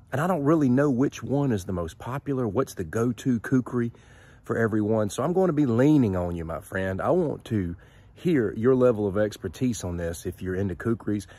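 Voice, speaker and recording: A man's voice: mid-range voice, dark tone, slightly rough, dry recording. A man with a Southern US accent, talking casually and directly to his viewers as he reviews a knife. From Southern United States. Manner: folksy and chatty, addresses viewers directly. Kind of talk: casual product review vlog.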